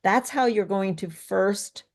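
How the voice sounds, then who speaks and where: A woman's voice: mid-range voice, slow, darkish tone. A woman leads a speech workshop over a video call, taking her time with each phrase. She encourages her listeners and often stops to check that they are following. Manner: encouraging, asks checking questions. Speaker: speech coach, co-host of webinar. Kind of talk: live online workshop presenting.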